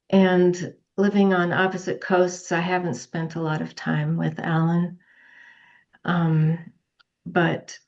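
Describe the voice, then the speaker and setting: A woman speaking softly and sincerely at a memorial over a video call. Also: low voice. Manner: soft, measured and sincere. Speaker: friend giving a tribute. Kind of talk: memorial remembrance. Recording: dull video call audio.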